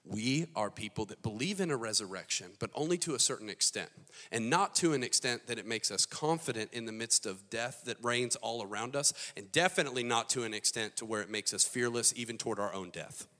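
A male pastor giving an animated, emphatic sermon, retelling a story in his own words. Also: medium pitch, brisk. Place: large hall. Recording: long hall reverb.

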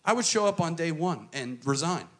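A man preaching a sermon to a church congregation, emphatic and dramatic, switching between quick runs and slow, stressed phrases. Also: fairly high pitch, animated. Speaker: pastor.

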